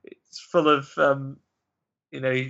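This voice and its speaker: A man's voice: mid-range voice, level tone, slow pace, vocal fry, fairly bright tone, lo-fi sound. A man hosting a podcast, retelling a film's plot in casual, joking chat and laughing often. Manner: chatty, joking storyteller who often laughs. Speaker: podcast host. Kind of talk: casual film recap chat.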